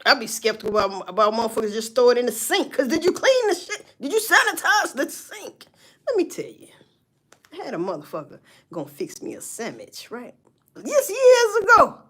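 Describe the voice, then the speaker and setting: Animated loud-talking woman in her forties. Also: a little high, fairly quick, slightly rough. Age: 40s. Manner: loud, swearing, animated storytelling with laughs. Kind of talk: casual rant to viewers.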